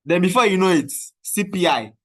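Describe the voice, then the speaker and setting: A man with a Nigerian accent telling a casual, animated story about trading and often mixing in Pidgin. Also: high-pitched, brisk. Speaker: trading coach. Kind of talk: casual talk.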